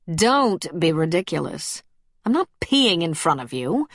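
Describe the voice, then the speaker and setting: A woman's voice: on the low side, very animated, unhurried, a bit bright, dry recording, studio quality, exaggerated voice. Woman playing a stubborn older mother. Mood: curt. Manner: curt, dismissive.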